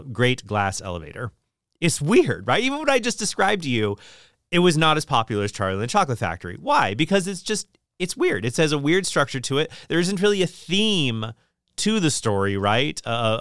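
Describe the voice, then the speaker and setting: A man's voice: medium pitch, sing-song, a little fast, a bit bright, clear, resonant tone, no room sound, studio quality. A middle-aged man talking casually and opinionatedly about books, rambling with frequent restarts.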